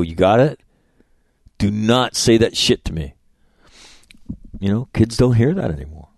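A middle-aged man with a fairly low voice delivers a blunt, profane monologue as a podcast host. He talks emphatically and acts out the conversations in his stories. The sound is dry and close. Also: a little mellow, dry recording. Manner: profane, emphatic, tells stories acting out dialogue.

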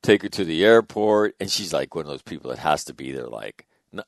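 Middle-aged male radio host, low voice, dry booth sound; wry, rambling storyteller. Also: animated, brisk, vocal fry, hardly any pauses, no echo. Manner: rambling, chatty anecdote with wry asides. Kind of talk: casual on-air storytelling.

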